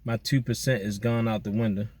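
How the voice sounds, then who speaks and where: A man chatting casually outdoors at night, giving relaxed, slangy shout-outs to his listeners. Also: fairly low pitch, a little fast. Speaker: vlogger doing viewer shout-outs. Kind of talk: casual chat.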